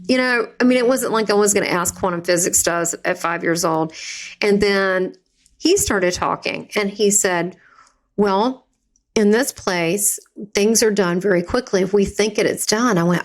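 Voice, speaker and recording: Speaking at normal speed in a middle-pitched voice, a woman with a Southern US accent shares a personal story on a podcast where she's a guest. She's chatty and vivid, acting out the voices she quotes.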